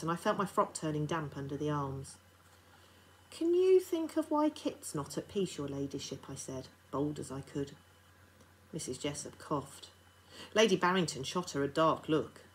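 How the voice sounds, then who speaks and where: Low-voiced woman reading a story aloud. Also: poor audio. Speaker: teacher reading to a class.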